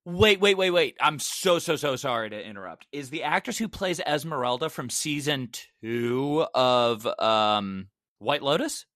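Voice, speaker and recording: A man co-hosting a podcast, telling stories in casual chat with excitable interruptions. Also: medium pitch, unhurried, hardly any pauses, no room sound, studio quality. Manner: storytelling, expressive, excitable interruptions. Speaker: podcast co-host.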